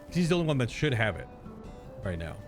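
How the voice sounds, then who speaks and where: A man's voice: medium pitch, sing-song, quick pace, music in the background. A man streaming a video game, giving a casual, rambling reaction commentary as he plays and laughing often.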